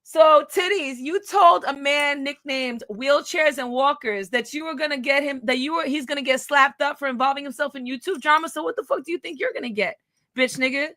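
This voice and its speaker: A woman giving crude, mocking commentary while reading text messages aloud, swinging between hushed asides and loud outbursts. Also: sits high, fairly quick, dry recording.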